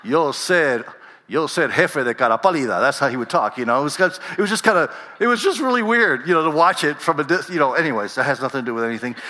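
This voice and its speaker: Bright-voiced pastor, native Spanish speaker, echoing church. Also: male voice, high voice. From Panama. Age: middle-aged. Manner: conversational storytelling, repeats and restarts phrases. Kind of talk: sermon. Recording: reverberant church sanctuary.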